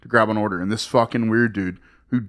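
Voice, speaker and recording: A man's voice: on the low side, fast. A man guesting on a podcast, telling comic stories in casual chat, swearing freely and acting out the people in them. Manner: profane, animated, acts out quoted voices. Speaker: podcast guest, stand-up comedian.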